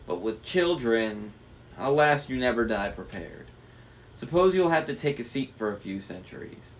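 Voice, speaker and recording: A man's voice: medium pitch, animated, slight background noise, natural voice. Man doing Charon, a sly ferryman with a put-on British-ish accent. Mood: smug, greedy. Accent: put-on British-ish foreign accent. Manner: smooth, sweetly cold, drawn-out words. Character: smooth, greedy ferryman of the dead, posing as a guard.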